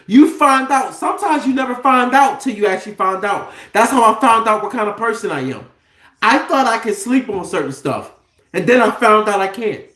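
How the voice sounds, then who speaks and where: A man's voice: sits high, lively intonation, normal speed, a bit bright, roomy sound. A man delivering an impassioned, profane monologue, firing off rhetorical questions in a heated, preachy way.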